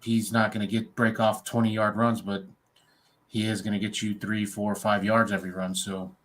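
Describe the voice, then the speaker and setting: A man's voice: lowish voice, flat delivery, normal speed, fairly bright tone, a little hiss or hum. A man on a sports chat panel, plain-spoken and opinionated.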